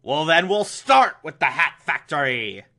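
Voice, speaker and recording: A man's voice: a little high, sing-song, measured pace, pushed and bright, heavily acted. Mad Hatter, a gloating villain, as a man puts him on. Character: scheming grown male villain, hat-obsessed.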